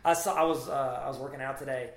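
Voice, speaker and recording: A man's voice: mid-range voice, fairly even intonation, quick pace, gravelly, reverberant, a crowd in the background. A man co-hosting a casual sports podcast, joking and rambling, now and then slipping into silly put-on voices. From New Jersey. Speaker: podcast co-host.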